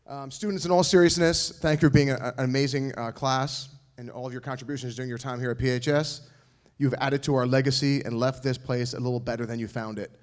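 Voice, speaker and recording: A man's voice: mid-range voice, steady tone, quick pace. A man on stage at a school awards night, giving a speech to graduating students with jokes and encouragement. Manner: joking, encouraging, playful asides. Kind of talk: speech to an audience.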